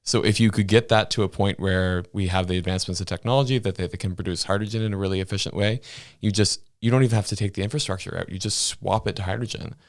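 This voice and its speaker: A man with a very low voice talks through ideas in relaxed, easygoing podcast chat and laughs often. The sound is close and dry, with no room around it. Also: fast talker, no echo. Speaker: podcast co-host. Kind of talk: casual political chat.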